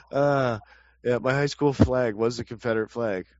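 A man's voice: mid-range voice, dry recording, lo-fi sound. A man in casual chat, rambling and cursing with frequent restarts as a co-host. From Canada. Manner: rambling, profane, laughs often.

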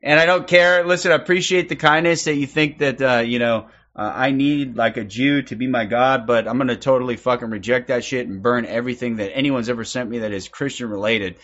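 A man hosting a livestream in loose, casual chat, reeling off quick shout-outs and swearing freely. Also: mid-range voice, fairly even intonation, lo-fi sound. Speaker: livestream host.

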